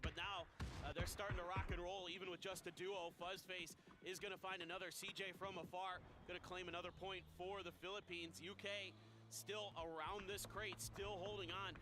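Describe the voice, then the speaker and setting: High-pitched guy casting an esports match, calm analysis, game noise loud behind. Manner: steady analytical calling, rising when excited. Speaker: esports caster. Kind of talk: play-by-play commentary. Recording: noisy game broadcast.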